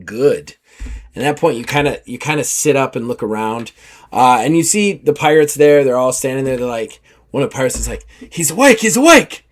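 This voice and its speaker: A man at a mid-range pitch runs a tabletop game and narrates the action vividly. He talks loosely and casually, full of "like" and quick asides. He sounds like a relaxed host. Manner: vivid, animated storytelling with filler "like". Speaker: game master.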